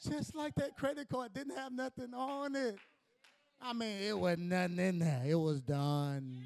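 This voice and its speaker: A man preaching a sermon as pastor, emphatic, swinging from shouting to hushed lines with colloquial asides to the congregation. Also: extremely high pitch, steady tone, moderate pace, gravelly, rough recording.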